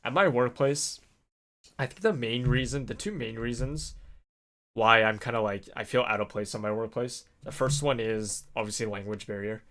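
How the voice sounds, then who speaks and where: A man vlogging in a casual, rambling storytelling way, animated when he quotes people. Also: medium pitch, normal speed. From North America. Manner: rambling, animated when quoting others, laughs often.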